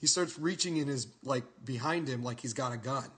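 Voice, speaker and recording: A man's voice: mid-range voice, brisk, a bit bright. Young male co-host, loose rambling storyteller, laughs and swears often. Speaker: podcast co-host. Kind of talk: casual chat, storytelling.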